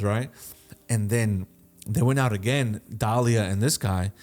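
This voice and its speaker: A young man hosting a podcast, telling a crime story in a loose, animated way, swearing a lot and checking in with "right?". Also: fairly low pitch, unhurried. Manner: swears constantly, animated retelling, keeps asking "right?". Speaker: podcast host. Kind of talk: casual storytelling.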